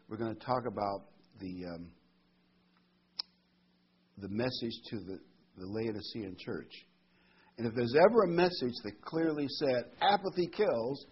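Husky guy preaching a sermon, chatty, asks the room questions, kinda muffled lo-fi sound. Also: medium pitch. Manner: conversational preaching with rhetorical questions. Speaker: pastor. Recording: dull lo-fi recording.

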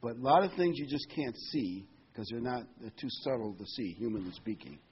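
A man's voice: medium pitch, expressive, brisk, husky. A man delivering a sermon in a conversational way, with fillers and emphatic repetition. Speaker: preacher. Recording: dull lo-fi sound with faint noise.

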